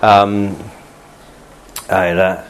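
A male pastor preaches in a relaxed, conversational way, joking and chuckling as he goes. His voice sits low, and a faint hiss of noise lies under the recording. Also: drawn-out words. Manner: chatty and good-humoured, with frequent laughs and restarts. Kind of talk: sermon.

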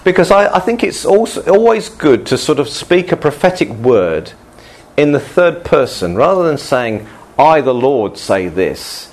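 A male pastor giving a relaxed, good-humoured sermon to his congregation, often laughing and restarting his sentences. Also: on the high side, moderate pace.

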